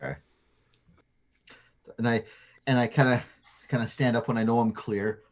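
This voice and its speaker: A woman playing a tabletop game, excitable and stammering. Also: extremely low pitch, moderate pace, lo-fi sound. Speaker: player. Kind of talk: casual tabletop role-play.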